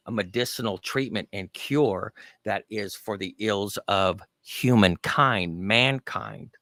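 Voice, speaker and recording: A man's voice: lowish voice, fairly bright tone, no room sound, studio quality. A man giving a prophecy lecture, emphatic and repetitive, building his points through long lists. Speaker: preacher.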